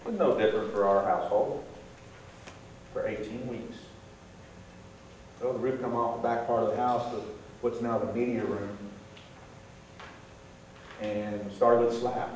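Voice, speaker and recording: A middle-aged man, giving an animated storytelling talk to an audience at a gang awareness session. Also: lowish voice, measured pace, pauses often. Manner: animated, acts out voices in his stories. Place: large echoey room with an audience. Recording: very echoey room, voice from far off, faint hiss.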